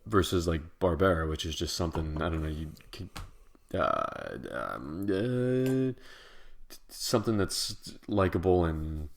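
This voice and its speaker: A man's voice: sits low, big pitch swings, measured pace, vocal fry. A man co-hosting a casual wine podcast, rambling and joking with plenty of swearing. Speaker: podcast co-host. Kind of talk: casual chat.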